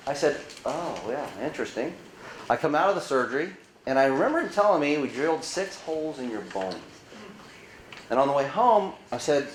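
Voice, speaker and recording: A man's voice: fairly high pitch, fairly quick, echoey room, slight background noise, poor audio. A man giving a conference talk to an audience, asking them rhetorical questions and acting out dialogue while he tells stories. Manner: animated storyteller acting out dialogue. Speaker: conference speaker. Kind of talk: conference presentation to a live audience. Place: conference room.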